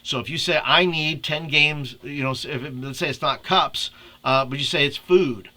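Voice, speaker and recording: Guy walking youth leaders through a tutorial, bright voice, chatty, laughs a lot. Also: mid-range voice, normal speed. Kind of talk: casual screen-share tutorial.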